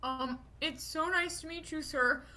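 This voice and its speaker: A woman with a high, bright voice speaking in character with slow, polite formality. She hesitates often as she offers her words. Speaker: player. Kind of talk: in-character role-play.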